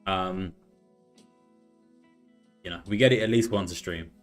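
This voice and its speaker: A man's voice: low-pitched, measured pace, soft background music. A young man hosting a live trading stream, chatting casually and walking through charts, with a sore throat that makes him slur a bit. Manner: loose and chatty, says "right?" and "man" a lot, slurs a bit. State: sore throat, sucking a lozenge. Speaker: livestream trading host.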